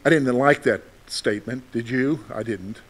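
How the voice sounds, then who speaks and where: A man preaching a sermon to his congregation, asking rhetorical questions and answering them himself, moving between loud emphasis and quiet, confiding asides. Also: medium pitch, normal speed, slightly rough. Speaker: pastor.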